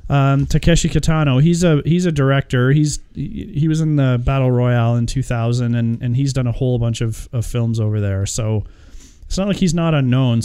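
A man co-hosting a movie review podcast, talking casually and profanely, animated and hesitant, acting out mocking quotes. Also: medium pitch, clear, resonant tone. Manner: animated, mocks with put-on quotes, frequent hesitations.

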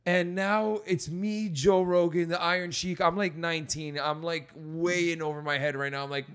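A young man, a stand-up comic, telling a story in casual chat with lots of swearing, acting out the people in it with shouts. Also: fairly high pitch, normal speed, clean tone. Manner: animated, swearing, acts out voices with shouts. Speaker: stand-up comic and podcast host.

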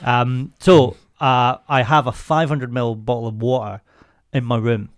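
A young man co-hosting a podcast, telling stories in a deadpan, self-deprecating way. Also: mid-range voice, a little slow, dry recording, studio quality. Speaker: podcast co-host. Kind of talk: casual chat.

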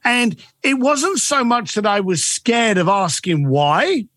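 A man's voice: high-pitched, takes it slowly, no echo, studio quality. A man being interviewed as a guest author and coach, telling stories animatedly and acting out the dialogue. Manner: animated, acts out quoted dialogue. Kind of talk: interview storytelling.

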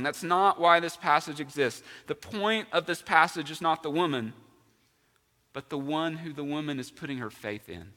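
A man's voice: fairly high pitch, normal speed, sharp tone, in a large hall. A male pastor preaching a sermon in a church, emphatic and asking his congregation questions. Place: church sanctuary.

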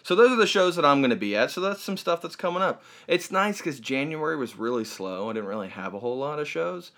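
A man's voice: fairly high pitch, lively intonation, quick pace, fairly bright tone. A man hosting a comedy podcast, chatting casually in a playful, teasing and rambling way.

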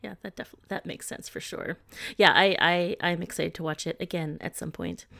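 A woman's voice: lowish voice, fairly even intonation, moderate pace, creaky, pushed and bright, dry recording, studio quality. A woman co-hosting a casual podcast chat, enthusiastic and chatty. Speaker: podcast co-host.

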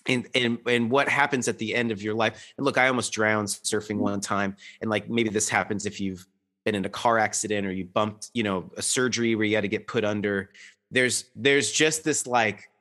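A man's voice: fairly low pitch, fairly even intonation, moderate pace, fairly bright tone. A man in his thirties talking in an earnest, rambling way, full of restarts and fillers, as a guest in a reflective conversation.

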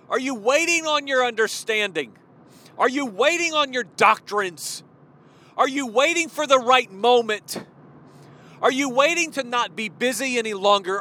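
A man's voice: very high voice, sharp tone. A male preacher delivering a sermon with emphatic, repeated rhetorical questions.

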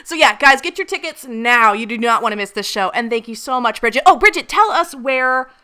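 A woman's voice: on the high side, expressive, brisk, pushed and bright, smooth. A woman hosting a podcast, chatting casually in an upbeat, enthusiastic way and laughing easily. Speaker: podcast host.

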